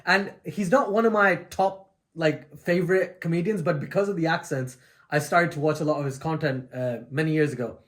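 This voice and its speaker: A man's voice: a little high, brisk. A man who is the guest co-host of a reaction video, chatting enthusiastically with lots of energy and frequent laughs. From England. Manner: enthusiastic, animated, laughs often. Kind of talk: casual reaction chat.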